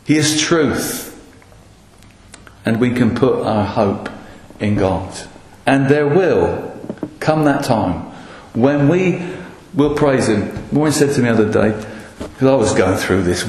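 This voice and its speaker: A man preaching a sermon in an earnest way, often pausing with ums and restarts. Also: mid-range voice, animated, a little mellow. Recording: echoey hall with long reverb.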